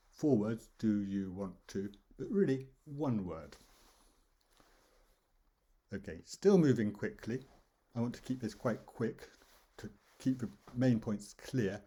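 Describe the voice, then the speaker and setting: Mellow, husky male English teacher. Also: fairly low pitch. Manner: relaxed explanatory, demonstrates stress and intonation. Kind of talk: lesson over slides.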